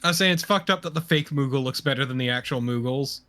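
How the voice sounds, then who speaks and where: A man's voice: mid-range voice, fast talker, bright, forceful tone. A man co-streaming a video game, chatting in a wry way and swearing casually. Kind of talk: casual gameplay commentary.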